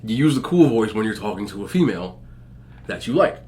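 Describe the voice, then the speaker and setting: Laid-back funny guy in his 40s, slangy, lively up-and-down voice, cracks himself up. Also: fairly low pitch, a little fast. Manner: relaxed, joking, laughs often, speaks slangy. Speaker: mukbang host. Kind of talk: casual storytelling to viewers.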